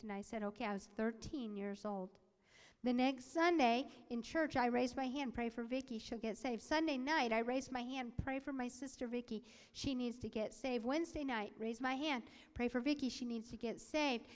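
A woman voices a preacher's sermon and personal testimony with a fairly high pitch, fairly even intonation, and a moderate pace. She tells it with animation, acting out the voices she quotes and sometimes lowering to a whisper. The recording has long hall reverb.

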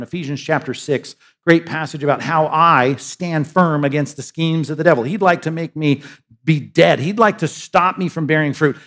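A middle-aged man preaching to a church congregation, and his voice sits a little higher than most men's. His delivery is lively and conversational, with quick asides, and he slips into the voices of the people in his text. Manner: animated, conversational preaching with frequent "right?" asides; acts out voices of characters in the text. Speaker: pastor. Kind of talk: sermon. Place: church sanctuary.

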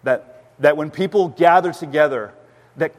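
A man's voice: a little high, moderate pace. A man, a pastor preaching a sermon in a church, earnest and emphatic with frequent restarts. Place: church sanctuary. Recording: long hall reverb.

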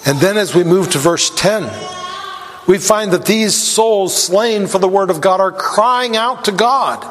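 A man preaching a sermon in a high, measured voice that takes its time over every phrase. He grows emphatic, and his voice lifts when he reads scripture aloud. The sound rings with a long hall reverb. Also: a bit bright, a little hiss or hum. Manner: deliberate, emphatic with rising intensity on quoted scripture.

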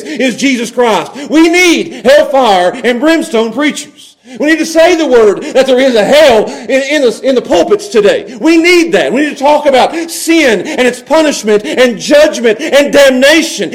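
Man, Appalachian Southern accent, pastor, fervent church sermon, high-pitched voice. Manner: starts low and somber in prayer, grows loud and fervent. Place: church sanctuary.

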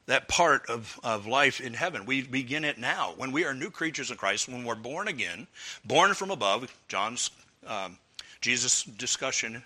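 Bright-voiced earnest male preacher. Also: mid-range voice. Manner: earnest, emphatic, with swelling repetitions. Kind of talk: expository sermon.

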